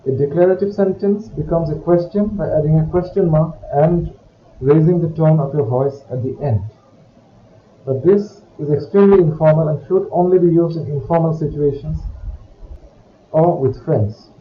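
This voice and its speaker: A man's voice: a little high, moderate pace. Man, French grammar teacher, careful explanatory delivery, echoey dull recording. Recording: dull, echoey room with faint hiss.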